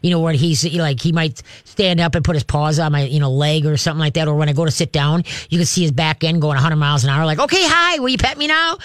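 A folksy middle-aged man rambles through dog-training advice on a call-in show, now and then slipping into little voices. His voice sits a bit high for a man, and the sound is dry and close. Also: steady tone, fast, few pauses, no echo. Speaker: dog trainer answering a caller.

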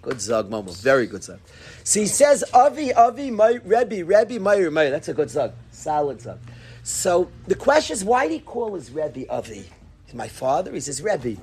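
A man's voice: a little high, normal speed, slightly rough. A man teaching an informal Torah class, acting out dialogues and repeating his phrases. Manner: animated, acts out dialogues, laughs, repeats phrases.

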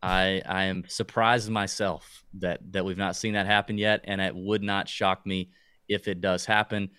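A man's voice: low voice, level tone, moderate pace, pushed and bright, clean tone, dry recording, clean studio sound. A man co-hosting a casual sports talk podcast, rambling and hesitant, with frequent restarts. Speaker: podcast co-host.

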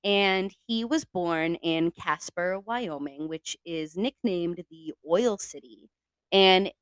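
A woman's voice: fairly low pitch, clean tone, no room sound. A young woman hosting a casual podcast, chatty and swearing freely, with lots of fillers. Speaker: podcast host. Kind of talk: casual true-crime podcast chat.

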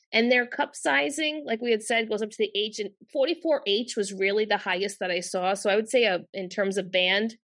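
A young woman in easy, casual conversation as a co-host. She rambles a little, with plenty of fillers, in a mid-pitched everyday voice. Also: fairly bright tone. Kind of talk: casual chat.

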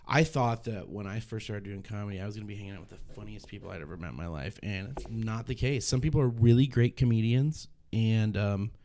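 A man's voice: lowish voice, fairly quick, hardly any pauses, warm tone, a little hiss or hum. A young adult man, a stand-up comedian, talking casually in a podcast chat, rambling and restarting his sentences, swearing now and then.

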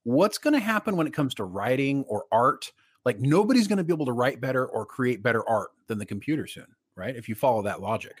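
A man's voice: medium pitch, fast talker, husky. A man co-hosting a live show, talking casually with lots of "like" and a curse here and there. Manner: relaxed, swears casually, fills with "like". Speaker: co-host. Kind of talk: casual chat.

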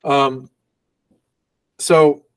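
A man's voice: medium pitch, level tone, very slow, smooth, no room sound. Rambling male podcast co-host, slightly distant. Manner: rambling, laughs often, acts out quotes. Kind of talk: casual movie-review chat.

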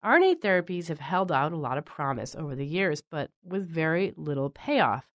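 A woman's voice: low-pitched, sing-song, normal speed, no room sound, clean studio sound. A woman hosting a science news podcast, asking curious questions in a conversational way. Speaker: podcast host.

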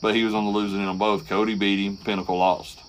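A man co-hosting a podcast, recapping wrestling in casual, profane, animated chat. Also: lowish voice, quick pace, slight background noise. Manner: profane, animated storytelling with acted quotes. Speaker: podcast co-host.

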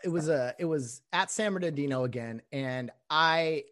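A man's voice: a little high, normal speed, a bit bright, dry recording, clean studio sound. A man hosting a casual conversation, an ex-umpire telling stories and laughing often. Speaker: former umpire, podcast host.

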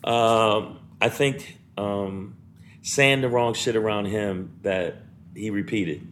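A man's voice: on the low side, slow pace, fairly bright tone, a little hiss or hum. A middle-aged comedian telling stories about his own parenting in casual chat, acting out the voices of the people in them. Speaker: guest comedian. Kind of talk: casual storytelling.

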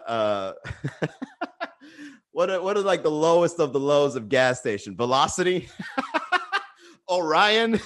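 A man's voice: a little high, a bit bright. A man chatting casually on a livestream, reading the chat and joking with a lot of profanity. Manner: profane, joking, laughs often.

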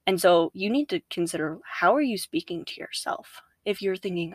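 A young woman, a podcast guest, talking casually about faith, animated, laughing often and acting out her own inner voices. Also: medium pitch, moderate pace, hardly any pauses, dry recording.

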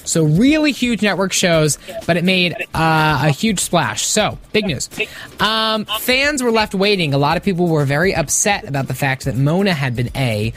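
A woman's voice: on the low side, animated, moderate pace. A woman co-hosting a TV after-show, chatting casually and eagerly as she reads out news. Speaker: co-host. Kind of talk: casual talk show chat.

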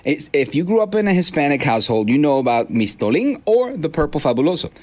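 A male talk radio host with a fairly high voice, speaking from a radio studio. He pushes his points with punchy rhetorical questions. The sound is clean studio-mic audio. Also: very animated, fast talker. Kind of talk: opinionated talk radio monologue.

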